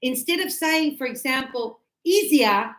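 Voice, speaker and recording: A woman teacher explaining grammar to students in a classroom, animated and emphatic, acting out little dialogues. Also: high voice, unhurried. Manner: emphatic, teasing. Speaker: English teacher. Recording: echoey room.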